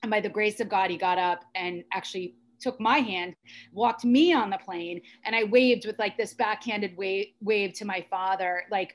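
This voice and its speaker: A woman's voice: medium pitch, moderate pace. A middle-aged American woman telling her personal story as a podcast guest, earnest and intense. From United States. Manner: earnest and intense, with frequent restarts.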